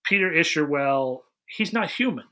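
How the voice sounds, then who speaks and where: A man's voice: fairly high pitch, normal speed. A man co-hosting a podcast, rambling through a casual movie review with lots of restarts. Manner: rambling, restarts often, animated retelling. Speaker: podcast co-host.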